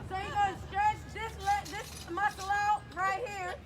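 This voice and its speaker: A woman's voice: extremely high pitch, little pitch movement, unhurried. A woman leading a crowd through stretches at an outdoor rally, joking and chatty as she calls out moves. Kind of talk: playful outdoor crowd instruction.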